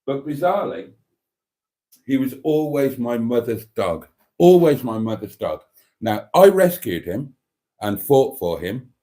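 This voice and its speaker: A man's voice: mid-range voice, big pitch swings, measured pace, dark tone. A man hosting a casual live stream, rambling through a story and reading out viewer comments.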